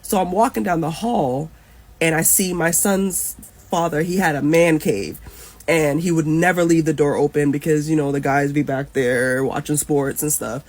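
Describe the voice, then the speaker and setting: A woman's voice: sits low, normal speed. A woman in her thirties telling an emotional personal story in a casual storytime. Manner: emotional, animated retelling.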